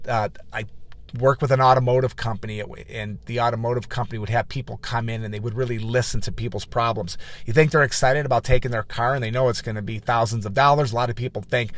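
A man hosts a motivational show, rambling through folksy business stories with lots of restarts and repeated words. His voice sits at an ordinary middle pitch. The sound is close and dry, with no room around it. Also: a little fast, no room sound. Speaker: motivational speaker and podcast host. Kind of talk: casual motivational talk.

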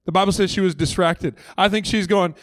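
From a church stage, a lead pastor in his thirties delivers a conversational sermon in a brisk voice that sits high. The recording has no echo, and he acts out the story's characters with animation.

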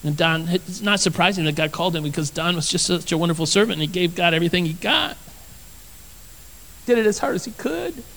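A man preaching with a fairly high voice, earnest and lively as he tells personal stories and repeats his lines for emphasis. A long reverb trails his words, as in a large hall. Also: brisk, creaky. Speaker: pastor. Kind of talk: sermon with personal storytelling.

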